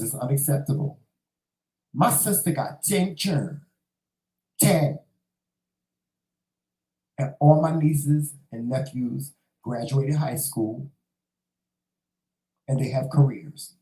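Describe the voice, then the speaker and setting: Livestream host: sassy, cussing man, preachy monologue, middle pitch, roomy echo. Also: lively intonation, slow, long pauses, warm tone. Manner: sassy, profane, preachy, calls listeners "child" and "honey". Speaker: livestream talk show host. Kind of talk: casual monologue to a live chat.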